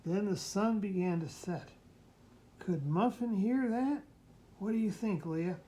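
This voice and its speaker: A woman's voice: mid-range voice, unhurried, dark tone. A woman reading a children's picture book aloud to a child, mimicking the sounds and asking the listener questions.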